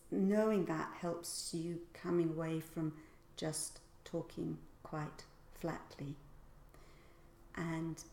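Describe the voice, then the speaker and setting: A woman's voice: sits low, gravelly, a little mellow, echoey room, a little hiss or hum. A woman teaching public speaking in a casual lesson, playfully acting out example lines with exaggerated stress. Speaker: voice and speaking coach.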